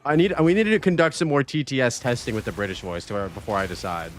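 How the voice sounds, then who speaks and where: A man streaming a game live, chatting casually, reading chat aloud and swearing freely in loose, excitable talk. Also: mid-range voice, quick pace, slight background noise.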